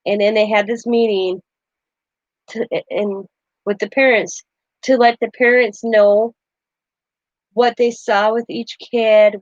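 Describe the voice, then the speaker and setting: A woman's voice: fairly high pitch, darkish tone, dry recording, muffled recording. A middle-aged woman hosting a crafting channel, chatting casually and animatedly as she tells a story, laughing as she goes.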